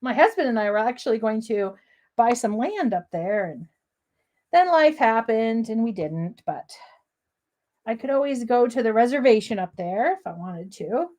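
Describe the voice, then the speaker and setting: A middle-aged American woman hosting a live crafting demo, bubbly and excitable, laughing often and chatting with viewers. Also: fairly high pitch, moderate pace. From United States. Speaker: craft livestream host.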